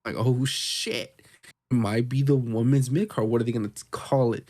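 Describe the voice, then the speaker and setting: A man co-hosting a podcast, recapping wrestling in casual, profane, excitable chat. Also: mid-range voice, normal speed. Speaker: podcast co-host.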